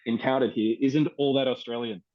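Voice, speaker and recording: A man from Canada, a poet and filmmaker, talking thoughtfully in an interview with frequent ums and pauses. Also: medium pitch, steady tone, highs cut off. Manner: reflective, hesitant with many ums. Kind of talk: casual interview talk.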